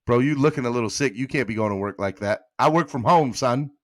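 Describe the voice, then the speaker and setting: A man hosting a live sports podcast stream, chatting casually, shouting out donors and hyping up his chat, with a Southern US accent from Miami. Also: mid-range voice, fast. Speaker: podcast host.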